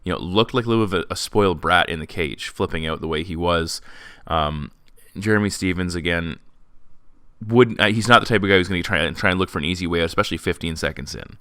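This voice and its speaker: A man hosting a fight predictions show, talking fast and giving strong opinions, with sarcasm at times. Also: low-pitched, fairly bright tone, smooth, no room sound, studio quality. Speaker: podcast host. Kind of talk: MMA predictions commentary. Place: classroom.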